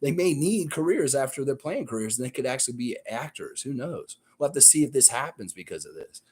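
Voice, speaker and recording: Ranting casually on a livestream, a man with a Southern American accent, from the United States and Canada, reads out chat comments in a heated, blunt, profane manner. He sounds very animated and brisk, his medium-pitched voice husky and a little mellow.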